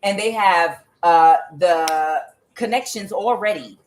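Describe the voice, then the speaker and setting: A woman's voice: lowish voice, takes it slowly, a little hiss or hum. Blunt, profane woman ranting casually. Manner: blunt, profane, laughs often, many fillers. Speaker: tarot channel host. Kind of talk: casual commentary monologue.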